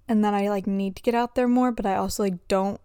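A woman's voice: medium pitch, fairly even intonation, quick pace, mellow, clean tone, no echo. Young woman rambling confessionally, dry sound. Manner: rambling, filler-heavy with frequent "like". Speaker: vlogger. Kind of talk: confessional personal talk.

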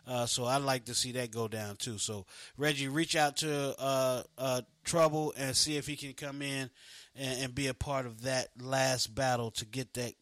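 A man's voice: mid-range voice, fairly even intonation, moderate pace, fairly bright tone, no room sound. A man hosting a casual online radio show, laid-back and slangy, laughing easily. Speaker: host.

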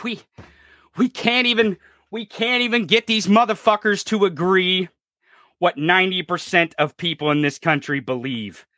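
A man in his thirties from rural America delivering a furious, profane political rant, often shouting. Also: high voice, moderate pace, no echo, studio quality. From rural United States. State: enraged.

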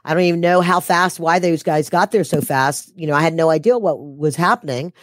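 A woman's voice: deep voice, a little fast, no echo, studio quality. A woman telling a personal story as an interview guest, her voice rising when she quotes herself.

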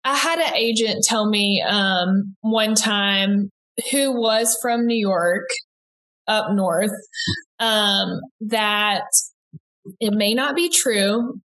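A young adult woman with a Southern US accent, a guest chatting quickly in an interview with lots of likes and restarts. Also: mid-range voice, fairly bright tone. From American South. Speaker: interview guest, aspiring broadcaster. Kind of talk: casual interview chat.

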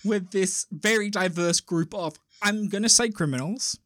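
A man's voice: high voice, moderate pace, dry recording, studio quality. A man co-hosting a casual podcast, joking and slipping into put-on voices. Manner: animated, jokey, slips into put-on voices. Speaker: podcast co-host. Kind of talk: casual chat, retelling a dream.

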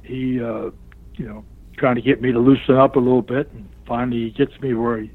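A man's voice: medium pitch, brisk, no echo. An older man, a retired pro wrestler, telling a long anecdote in an interview and acting out what other people said in a raised voice. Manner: animated storyteller who acts out other people's lines in raised voices. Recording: tinny phone-line sound.

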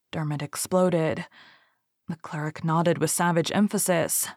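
A woman narrating a storybook in a measured, literary way. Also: deep voice, fairly even intonation, a little mellow, no room sound, clean studio sound. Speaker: reader.

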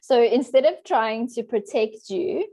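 A woman coach answers interview questions in a thoughtful way, laughing softly and restarting her sentences. Her voice is mellow and warm. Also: on the high side, expressive, a little slow. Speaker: coach for introverted women. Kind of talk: interview guest.

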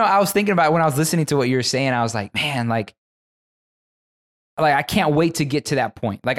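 A young man with a slightly high voice chats casually and easily. He hesitates and repeats his words as he feels his way through his thoughts. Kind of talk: casual chat.

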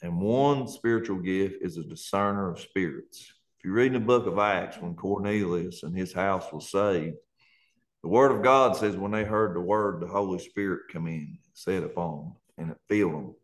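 A man's voice: low voice, moderate pace. A man with an Appalachian accent, a pastor, telling his conversion story in an earnest, fervent way, at times close to tears. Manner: earnest, fervent, colloquial grammar. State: near tears. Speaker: pastor and guest. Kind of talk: emotional testimony.

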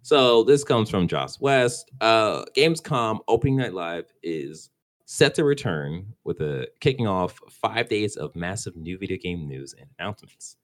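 A man's voice: on the low side, expressive, measured pace. A man co-hosting a casual gaming podcast, rambling and stumbling over words, often restarting and laughing. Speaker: podcast co-host.

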